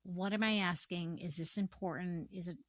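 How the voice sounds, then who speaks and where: A woman co-hosting a podcast, chatty and quick to react as she tells her own stories. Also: on the low side, fairly even intonation, dry recording, clean studio sound. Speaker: podcast co-host. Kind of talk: casual chat.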